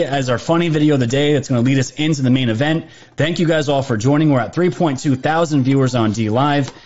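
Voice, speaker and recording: A man's voice: medium pitch, a little mellow, lo-fi sound. Chatty male livestream host. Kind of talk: live political commentary stream.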